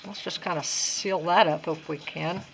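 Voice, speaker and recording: A woman's voice: on the low side, steady tone, normal speed, gravelly. A woman talking casually through a craft tutorial, chatty and self-deprecating as she works things out aloud. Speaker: crafting vlogger.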